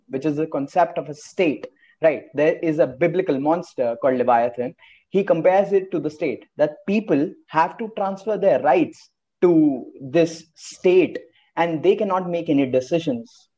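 A man's voice: fairly high pitch, warm tone, lo-fi sound. A young man with an Indian accent, a guest on a podcast, telling a story earnestly. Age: young adult.

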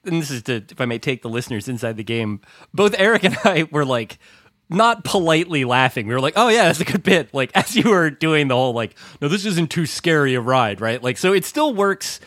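A man's voice: fairly high pitch, animated, a little fast, fairly bright tone, no room sound, clean studio sound. A man co-hosting a podcast in casual chat, talking in a wry, rambling way and swearing casually. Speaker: podcast co-host.

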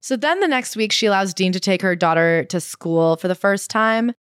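A woman's voice: medium pitch, lively intonation, normal speed, clear, resonant tone, no echo, studio quality. A young adult woman co-hosting a podcast, recapping a book in a sarcastic, joking chat. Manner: sarcastic, laughs often, mocking asides. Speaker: podcast co-host. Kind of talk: casual comedic recap chat.

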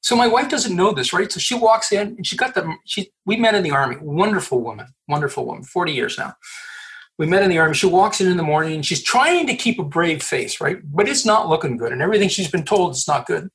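A middle-aged man from Canada, a guest in an interview, telling a story in an animated way, laughing and acting out the voices he quotes. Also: high-pitched, fast talker, poor audio. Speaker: guest, recruiter. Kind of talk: storytelling in a conversation.

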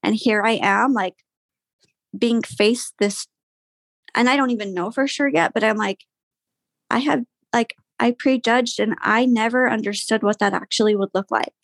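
A woman's voice: a little high, moderate pace, gravelly, no room sound, studio quality. A young woman guest telling a personal story in casual conversation, candid, with frequent fillers and sighs.

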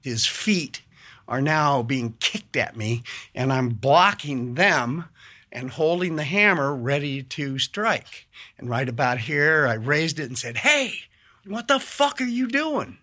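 Slow, deliberate man telling a story. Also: medium pitch. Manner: deliberate, measured, rising sharply when quoting shouts. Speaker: interviewee recounting an attack. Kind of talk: slow first-person storytelling.

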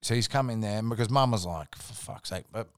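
A man's voice: on the low side, brisk, clean tone, dry recording, clean studio sound. An Australian man, a podcast guest, telling a rambling, profane anecdote in casual chat. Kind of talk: casual storytelling.

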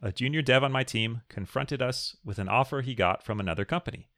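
A man's voice: medium pitch, brisk, bright, forceful tone, no echo, clean studio sound. A man co-hosting a podcast, chatting casually, laughing often and reading listener questions aloud. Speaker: podcast co-host. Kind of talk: casual chat.

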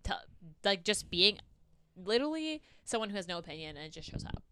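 A woman co-hosting a podcast, chatting casually about a book in an animated way, swearing and quoting characters. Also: medium pitch, a little fast, smooth, no room sound. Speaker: podcast co-host.

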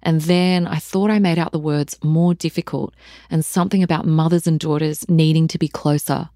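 A woman reading aloud from her own memoir in a measured, intimate storytelling manner. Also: deep voice, steady tone, warm tone, dry recording, studio quality. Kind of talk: audiobook-style memoir reading.

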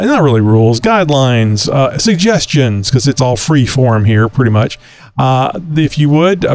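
A man's voice: mid-range voice, a little mellow. A man from Texas hosting a casual talk show, rambling with many fillers. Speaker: podcast host.

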